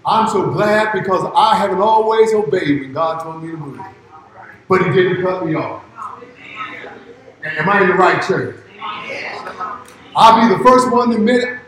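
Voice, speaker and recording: A man preaching a sermon as pastor, shouting in rising bursts and dropping low and quiet in between. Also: unhurried, pauses often, very echoey, poor audio.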